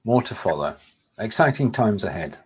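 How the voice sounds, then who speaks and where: A British man co-hosting a casual live-stream chat, quick and jokey, laughing often. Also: on the low side, very animated, slightly rough. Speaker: co-host. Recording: dull lo-fi audio.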